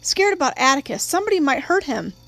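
A woman's voice: sits high, very animated, fast, fairly bright tone, heavily acted. A woman reading the part of an earnest, worried young teenage boy.

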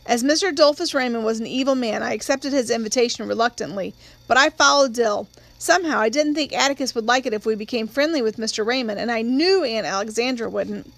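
A woman narrating an audiobook in a measured storytelling voice. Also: fairly high pitch, creaky, a bit bright, no echo.

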